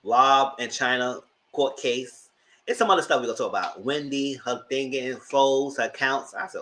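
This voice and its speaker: Animated sassy man chatting with viewers. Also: medium pitch, fairly quick. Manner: animated, sassy, laughs often. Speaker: host. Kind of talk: casual commentary chat.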